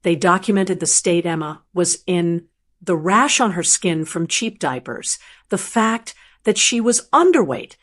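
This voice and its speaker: An older woman narrates a first-person family drama with calm, measured delivery. Her voice sits at a middle pitch and keeps the storytelling steady.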